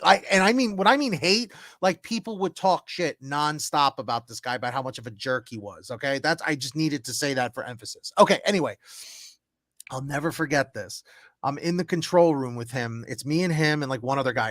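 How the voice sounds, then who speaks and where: A young man hosting a casual tarot livestream, telling animated stories with big swings in pitch and volume. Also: no room sound, clean studio sound. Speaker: tarot reader, stream host.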